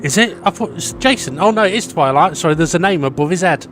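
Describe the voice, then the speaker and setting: A man's voice: fairly high pitch, animated, quick pace, a bit bright, slight background noise. Chatty male sim racing commentator. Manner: chatty, filler-heavy, stumbling. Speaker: race commentator.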